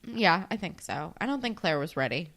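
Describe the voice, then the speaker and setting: Young woman co-host, lively pitch, blunt and wry while recapping a show. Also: moderate pace. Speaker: podcast co-host. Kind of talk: casual recap chat.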